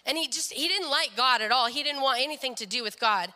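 A woman's voice: high-pitched, fast talker, bright, forceful tone, in a large hall. A young woman sharing a personal faith story in an earnest devotional talk, often quoting people in their own voices. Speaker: speaker sharing a testimony.

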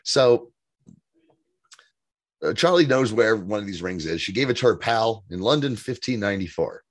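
Low-voiced man co-hosting a podcast. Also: animated, normal speed, no room sound, studio quality. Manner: chatty, laughs often. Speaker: podcast co-host. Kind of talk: casual TV recap chat.

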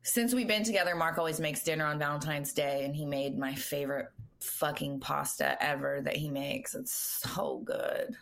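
Bright-voiced blunt woman. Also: deep voice, fairly even intonation, fairly quick. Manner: blunt, swears casually. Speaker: podcast co-host. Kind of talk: casual chat.

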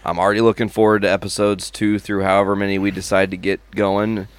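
A man's voice: fairly low pitch, quick pace, clean tone. A man co-hosting a podcast, telling neighbor stories in casual chat, swearing freely and mimicking horn noises. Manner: profane, animated storyteller mimicking horn sounds. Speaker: podcast co-host.

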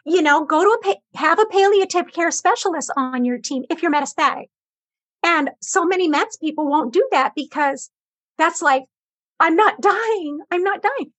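A woman's voice: sits high, moderate pace, a bit bright, no echo. A woman guest on a talk show, earnestly retelling her experiences with quoted back-and-forth dialogue. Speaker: guest sharing cancer experience. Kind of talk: conversational storytelling.

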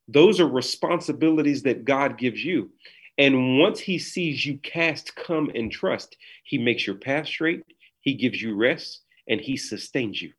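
A man's voice: medium pitch, expressive, measured pace, breathy edge. A man speaking as a podcast guest with an earnest, sermon-like cadence, talking from a small room over a video call. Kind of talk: preaching in conversation.

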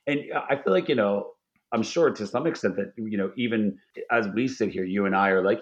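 A man from the Philadelphia area with a fairly low voice talks in loose, rambling podcast chat. He restarts his sentences often and swears freely, and the recording sounds dull and lo-fi. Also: fairly quick. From Philadelphia area, USA. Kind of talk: casual chat.

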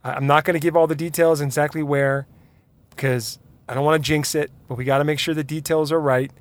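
A man's voice: on the high side, fairly quick. A man hosting his own podcast, talking casually and with energy, laughing easily and drifting into side notes. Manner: animated, laughs easily, digresses. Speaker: podcast host. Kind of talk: casual solo podcast talk.

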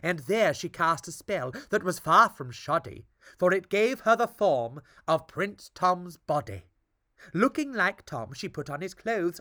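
A woman reading a rhyming fairy tale aloud with a lilting, expressive delivery. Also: on the low side, a little slow, no echo, clean studio sound. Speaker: storyteller.

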